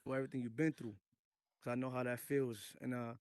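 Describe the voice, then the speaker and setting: A man in an online voice chat who speaks earnestly and haltingly, offering comfort and religious encouragement. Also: mid-range voice, little pitch movement, a little mellow, no echo. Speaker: participant. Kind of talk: casual group voice chat.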